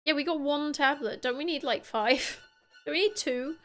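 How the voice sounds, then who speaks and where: A woman's voice: sits high, moderate pace, a bit bright. A woman commenting casually on a video game she is playing, thinking aloud in a chatty way and swearing playfully. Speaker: gaming YouTuber. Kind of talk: casual let's-play commentary. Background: game music.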